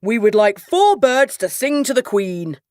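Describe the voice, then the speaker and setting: A woman's voice: a little high, sing-song, unhurried, darkish tone, no room sound, studio quality. A woman playing a hearty storybook king. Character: jolly, generous old king, grand and eager. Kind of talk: storybook character voice.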